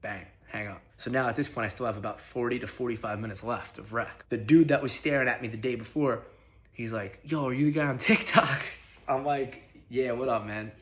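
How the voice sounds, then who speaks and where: A man's voice: mid-range voice, fairly even intonation. Slangy young man telling a story. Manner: profane, slangy, quick retelling with acted-out quotes. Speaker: vlogger. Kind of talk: casual storytelling.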